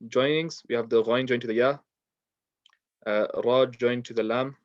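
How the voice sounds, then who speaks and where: Over an online class, a man explains the rules of Quran recitation easily, filling pauses with um and showing the sounds himself. His mid-range voice moves at a moderate pace in a dull, lo-fi, dry recording with no room sound.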